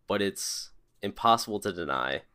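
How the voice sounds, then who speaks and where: A man narrating a tabletop game as game master, relaxed and descriptive with some fillers. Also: on the low side, normal speed, clear, resonant tone.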